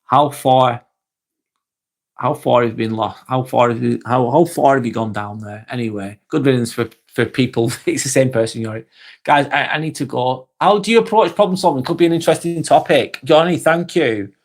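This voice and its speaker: Relaxed British man chatting on a live stream. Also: mid-range voice. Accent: British English. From England. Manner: relaxed and chatty, with frequent ums and quick laughs. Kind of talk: casual live-stream chat, reading comments aloud.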